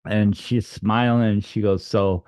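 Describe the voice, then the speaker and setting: Slow, hesitant low-voiced man. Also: a little mellow, dry recording, clean studio sound. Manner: hesitant, many fillers and restarts. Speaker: storyteller. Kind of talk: personal storytelling.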